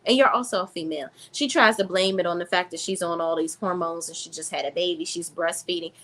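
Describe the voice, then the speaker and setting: A woman's voice: on the low side, fast, a bit bright. A woman recapping a reality TV episode in a blunt, profane, sassy style, talking straight to her viewers. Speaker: reality TV reviewer. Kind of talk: casual recap vlog.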